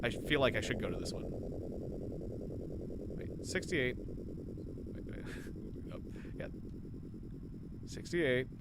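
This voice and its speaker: Rambling, lively male game streamer. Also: mid-range voice, noisy background. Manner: rambling, excitable, swears and laughs at the game. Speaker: gaming video host. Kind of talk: casual let's-play commentary.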